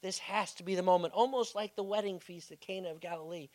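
A male pastor preaching a sermon as dramatic storytelling, swinging from loud bursts to hushed tones. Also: high-pitched, quick pace, hardly any pauses.

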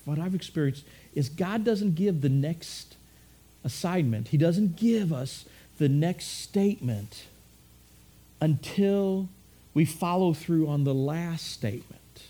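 A man's voice: fairly high pitch, mellow. A middle-aged man preaching a sermon in a conversational way, repeating phrases and acting out quotes. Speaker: pastor.

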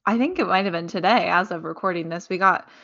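A woman's voice: lowish voice, quick pace, gravelly, a bit bright, dull audio. A woman co-hosting a casual podcast chat, chatty, often trailing off and restarting. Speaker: podcast co-host.

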